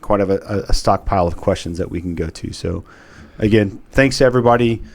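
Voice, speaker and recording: A man co-hosting a casual podcast, earnest and a little halting as he thanks listeners. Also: fairly low pitch, darkish tone. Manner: earnest, repeats words as he talks. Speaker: podcast co-host.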